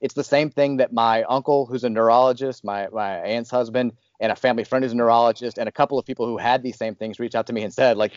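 A podcast host telling a personal story in a casual, animated, rambling way. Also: male voice, mid-range voice, fast talker, few pauses, no echo, dull audio. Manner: animated, rambling, restarts often.

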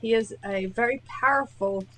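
A woman guesting on a casual podcast, her voice a little high as she tells stories quickly and eagerly. A faint hiss sits behind her voice. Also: a bit bright.

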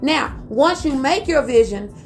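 High-pitched, gravelly woman podcast host. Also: unhurried, faint music behind. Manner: lively, preachy, talks straight to listeners. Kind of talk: motivational business podcast talk.

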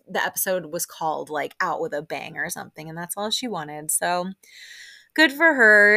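A woman hosting a casual solo recap podcast, chatting excitedly with lots of "like" and side notes. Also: lowish voice, gravelly. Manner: chatty, full of "like" and excited asides. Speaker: podcast host.

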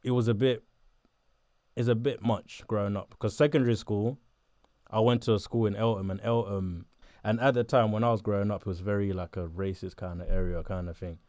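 A young man from southeast London with a South London accent, chatting casually in an interview, laid-back and quick to laugh. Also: fairly low pitch, steady tone, a little mellow, dry recording, clean studio sound. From Botswana, raised in southeast London.

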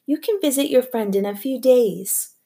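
A woman voicing a flustered, showy middle-aged hostess who sounds high and forced-cheerful. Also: expressive, moderate pace, dark tone.

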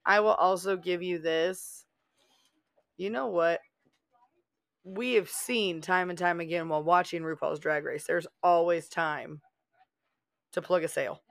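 Giggly, rambling podcast co-host with a bright voice. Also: medium pitch, steady tone, unhurried, vocal fry, long pauses, no room sound, clean studio sound. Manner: giggly, rambling, laughs often. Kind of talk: casual chat.

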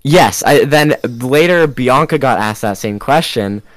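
A man's voice: medium pitch, animated, measured pace, no echo. A young man on a casual podcast with friends, rambling through a story with restarts and laughs. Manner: rambling, self-interrupting storyteller with frequent laughs. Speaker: podcast co-host. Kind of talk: casual chat among friends.

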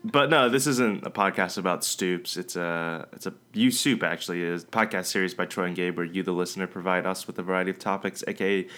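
A young man co-hosts a relaxed podcast conversation with a very low voice. He talks in an easygoing, halting way, full of fillers and restarts. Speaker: podcast co-host. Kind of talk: casual chat. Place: East Coast of the US.

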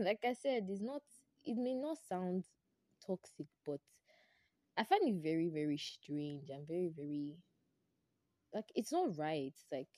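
A young woman with a Nigerian English accent tells a story from her own life on her podcast. Her voice sits low and has a mellow, soft tone. She is lively and exclamatory, and the sound is close and dry. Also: no room sound. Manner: animated, exclamatory, repeats herself for emphasis. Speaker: podcast host.

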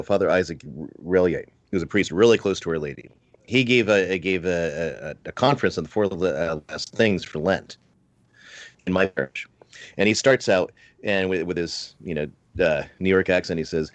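Low-voiced man talking earnestly on a call. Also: no room sound. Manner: earnest, halting, many restarts and fillers. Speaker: panel guest. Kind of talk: casual discussion on a livestream panel.

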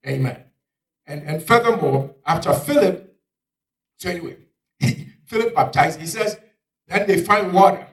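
A male preacher giving a dramatic sermon, swinging from loud exclamations down to near-whispers. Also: sits high, animated, moderate pace. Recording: echoey room, picked up from far off.

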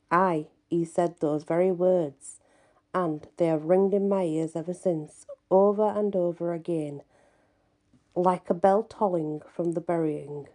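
A woman reading a folk tale aloud in the first person, in an unhurried, earnest way. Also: fairly low pitch, steady tone, dark tone. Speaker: storyteller.

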